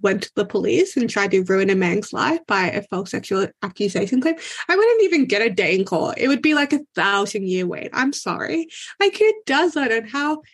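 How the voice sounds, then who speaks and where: A woman guest on an interview, retelling a personal ordeal in an animated, exasperated way. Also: medium pitch, slightly rough. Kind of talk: personal storytelling in conversation.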